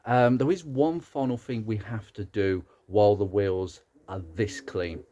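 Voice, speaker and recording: Male DIY car vlogger, Brummie accent, chatty and rambling, lower voice. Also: steady tone, measured pace, warm tone. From West Midlands, England. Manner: rambling, chatty, many fillers and restarts. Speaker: car restoration YouTuber. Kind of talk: casual workshop commentary.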